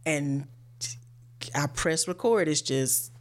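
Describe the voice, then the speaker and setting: A woman's voice: low voice, slow. A young woman in casual conversation, venting bluntly with plenty of profanity. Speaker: guest, video creator. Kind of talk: casual chat.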